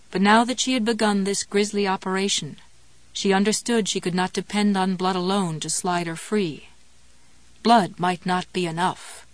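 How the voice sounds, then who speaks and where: A woman reading a grim novel aloud in a measured, steady storytelling manner. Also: medium pitch, dry recording. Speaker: audiobook narrator. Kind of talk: scripted narration of a horror novel.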